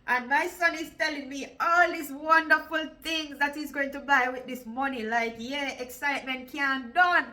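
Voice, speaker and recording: A woman's voice: sits high, fairly even intonation, moderate pace, hardly any pauses, sharp tone, poor audio. A Jamaican woman in her forties telling her own story in a vlog, emotional and repeating "like" often. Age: 40s. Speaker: vlogger.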